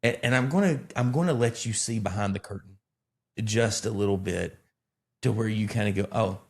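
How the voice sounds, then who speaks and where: With a lowish voice at a normal pace, this man from Alabama, a pastor and podcast co-host, chats casually. He wanders through lively stories and pokes fun at himself.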